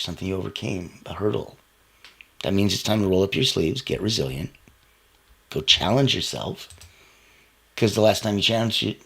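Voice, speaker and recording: A man giving a motivational talk, coaching listeners directly in an emphatic, animated way. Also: lowish voice, vocal fry, husky. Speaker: motivational speaker.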